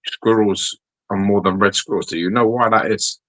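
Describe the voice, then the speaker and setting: A man's voice: lowish voice, fairly even intonation, moderate pace, a bit bright, low-quality recording. A man co-hosting a casual podcast, swearing often and explaining things through everyday comparisons. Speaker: podcast co-host.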